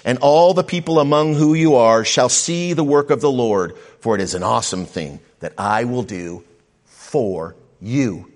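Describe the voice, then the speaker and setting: A man's voice: mid-range voice, unhurried. Man preaching in a reverberant hall. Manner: reads scripture aloud, then restates it with emphasis. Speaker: pastor. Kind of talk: sermon.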